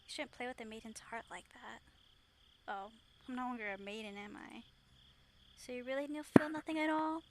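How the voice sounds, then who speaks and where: A woman reading the lines of a shy, eager young heroine from a story game aloud, soft and half-whispered. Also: a little high, moderate pace, pauses often, a little hiss or hum, close to an everyday voice. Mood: coy.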